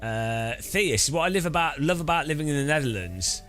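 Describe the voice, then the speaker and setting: A man's voice: fairly high pitch, expressive, moderate pace, fairly bright tone, faint music behind. A man casually chatting on a sim-racing live stream, joking and rambling as he reads chat aloud.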